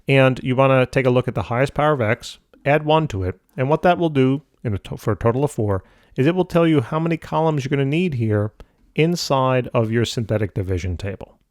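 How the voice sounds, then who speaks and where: A man's voice: medium pitch, animated, fairly quick, no room sound. Casual man explaining math, dry sound. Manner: casual, upbeat explaining with playful asides. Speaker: math tutor. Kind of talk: step-by-step math lesson.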